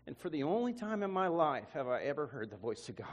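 A man's voice: on the high side, big pitch swings, fast, few pauses. A man preacher telling an emotional testimony in a sermon, often repeating words as he goes. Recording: long hall reverb.

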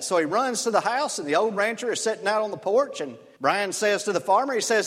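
A man's voice: high voice, expressive, a little fast, few pauses, fairly bright tone. A man preaching a sermon as pastor, earnest and conversational, telling stories. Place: church. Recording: long reverb of a church hall.

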